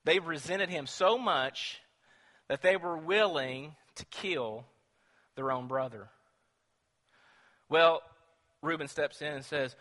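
A man preaching a sermon in a church, telling a story in an animated way, acting out voices and putting questions to the congregation. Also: fairly high pitch, takes it slowly, pauses often. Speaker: pastor. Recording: long reverb in a church hall.

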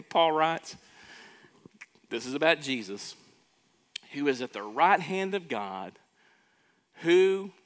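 A man's voice: mid-range voice, fairly bright tone. A man preaching a sermon, emphatic and questioning his congregation, repeating words as he builds each point. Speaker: pastor.

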